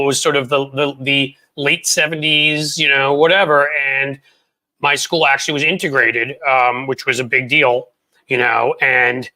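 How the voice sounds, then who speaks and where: A man's voice: medium pitch, pushed and bright. A man in his forties hosting a casual political chat show, blunt and profane, rambling through his stories. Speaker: host.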